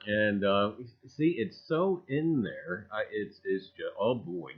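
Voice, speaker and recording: A man's voice: on the low side, animated, slow pace, few pauses. Rambling man hosting a lo-fi livestream. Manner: chatty and rambling, with bursts of loud cheerful greetings. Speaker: livestream host. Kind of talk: casual livestream chat, greeting viewers by name. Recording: dull lo-fi stream audio.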